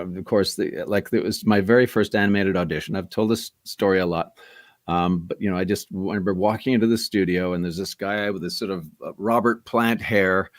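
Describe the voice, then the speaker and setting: Guest voice actor, middle-aged man, very low voice, rambly anecdotes, dry close sound. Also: no room sound. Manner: rambling, many restarts and asides. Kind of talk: casual interview storytelling.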